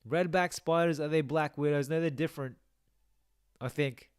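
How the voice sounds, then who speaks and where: A young man chats loosely through a live stream, answering viewer comments and thinking out loud. His voice sits a little high and comes through smooth and clear. The sound is dry and close, with no room echo. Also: fairly even intonation, moderate pace. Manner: chatty, reads viewer comments aloud, muses to himself. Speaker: game streamer. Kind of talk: casual live-stream chat.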